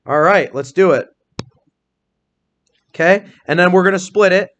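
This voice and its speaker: A man teaching a small-group phonics lesson in a classroom, asking questions, encouraging answers and spelling words out slowly. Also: sits high, fairly bright tone.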